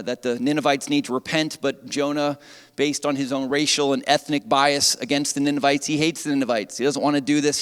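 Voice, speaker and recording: A man preaching a sermon as pastor, animated and conversational. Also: mid-range voice, smooth. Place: church sanctuary. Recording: long church reverb.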